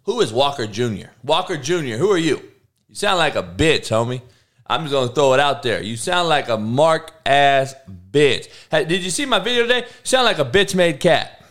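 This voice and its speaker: A man's voice: medium pitch, lively intonation, moderate pace, a bit bright. Profane slangy podcast host man. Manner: profane, slangy, talks back to chat. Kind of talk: casual live-stream chat.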